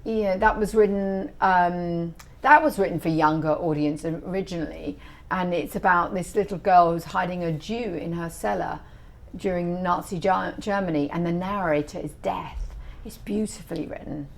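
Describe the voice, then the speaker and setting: A middle-aged woman being interviewed as an author, telling stories in an animated, chatty way. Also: fairly low pitch, moderate pace. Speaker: author guest. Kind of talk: casual interview chat.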